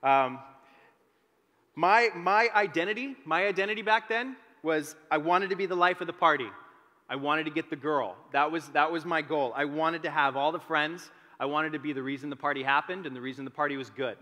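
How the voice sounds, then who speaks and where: Bright-voiced young man preaching in a hall. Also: fairly high pitch, brisk. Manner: storytelling, animated, self-deprecating asides. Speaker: teaching pastor. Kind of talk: testimony sermon. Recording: long reverb of a large hall.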